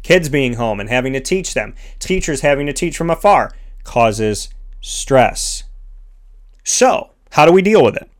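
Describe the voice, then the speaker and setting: A man's voice: medium pitch, animated, unhurried. A man hosting a motivational self-help segment, speaking earnestly in repeated, emphatic lists. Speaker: host of a sponsored motivational segment.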